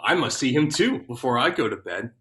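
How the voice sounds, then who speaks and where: A man playing an animated courtly servant. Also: mid-range voice, brisk. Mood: earnest. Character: courtly royal servant, earnest. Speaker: stage actor. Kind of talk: Shakespearean stage acting.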